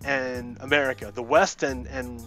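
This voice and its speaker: A man's voice: medium pitch, steady tone, normal speed, sharp tone, faint music behind. A man hosting a gaming video, ranting heatedly about politics with lots of swearing and repetition. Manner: heated, profane, repeats himself. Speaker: let's play host. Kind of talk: casual political rant while gaming.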